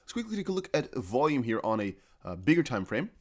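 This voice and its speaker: A man hosting a live crypto price stream, talking fast and excited with laughs and chanted hype lines. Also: medium pitch. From Netherlands. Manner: hyped, laughing, breaks into chanting.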